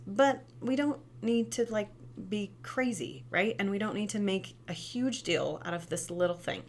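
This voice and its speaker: A woman in her thirties, a former teacher and mom, giving parenting tips in casual talk, tagging "right?" onto her points and jumping up high when she acts out cheerful reactions. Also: animated, moderate pace, slight background noise. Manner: chatty, lots of "right?" and "like". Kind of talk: casual advice talk to camera.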